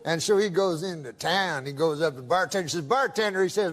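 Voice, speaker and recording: A man who is a talk show guest, telling a long rambling joke in a halting, deadpan drawl full of "he says" asides, in a TV studio with a laughing audience. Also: on the high side.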